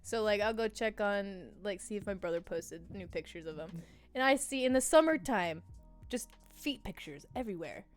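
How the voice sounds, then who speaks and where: A woman in her thirties chats loosely with a friend, laughing a lot and cursing without a second thought. Her voice comes through smooth and clear. Soft music plays faintly underneath. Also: mid-range voice, lively intonation, normal speed. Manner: laughing, swearing freely. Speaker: guest. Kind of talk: casual chat.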